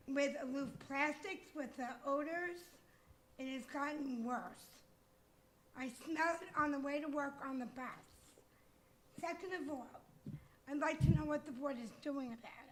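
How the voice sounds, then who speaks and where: A woman's voice: sits high, fairly bright tone, poor audio. A woman giving an indignant public comment at a town board meeting, repeating herself when upset.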